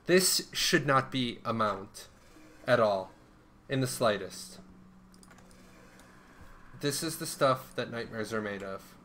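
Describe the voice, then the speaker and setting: A man's voice: mid-range voice, slow pace, pauses often, a little hiss or hum. A young man streaming a game live, ranting and swearing as he comments on what he sees. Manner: animated, ranting, swears a lot. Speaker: livestreamer. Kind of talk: casual gameplay commentary.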